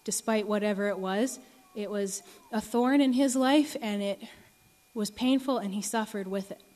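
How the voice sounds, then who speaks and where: A young woman in her early twenties giving an earnest sermon and testimony, speaking slowly with many ums. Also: mid-range voice, a little mellow. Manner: earnest, many ums, rises to emotional pleading. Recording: long reverb of a large hall.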